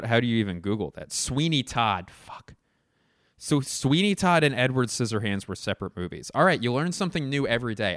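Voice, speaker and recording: A man's voice: on the low side, fairly bright tone, clear, resonant tone, no room sound, clean studio sound. A man hosting a solo comedy podcast, rambling and swearing as he wanders around his home. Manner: rambling, profane, self-mocking. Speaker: podcast host. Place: indoors at home, walking around.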